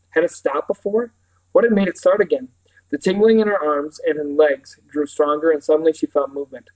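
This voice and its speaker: A man reading a novel aloud, his voice sitting a little higher than most men's. He keeps a measured, steady storytelling pace from sentence to sentence. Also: low-quality recording. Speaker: reader.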